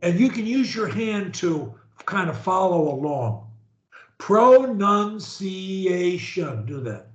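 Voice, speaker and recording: A man coaching a stuttering client, giving firm directions and modeling words slowly for him to repeat. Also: high voice, very animated. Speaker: speech therapist. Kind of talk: speech therapy coaching. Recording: roomy, dull lo-fi sound.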